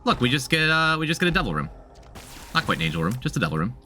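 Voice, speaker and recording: A man's voice: mid-range voice, very animated, racing, pushed and bright, slight background noise. A man streaming a game, chatting casually, thinking aloud, repeating himself and talking to his chat. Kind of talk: casual gameplay commentary.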